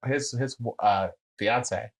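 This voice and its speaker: A man telling long, animated stories in casual chat, swearing freely and acting out what others said. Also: takes it slowly, vocal fry, low-quality recording. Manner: animated, profane, acts out quotes with big pitch jumps.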